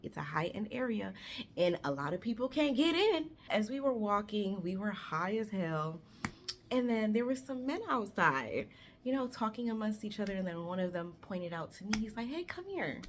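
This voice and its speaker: A woman around thirty telling a story on her vlog in a chatty, animated way, swearing freely and talking straight to her viewers. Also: mid-range voice, moderate pace, slight background noise.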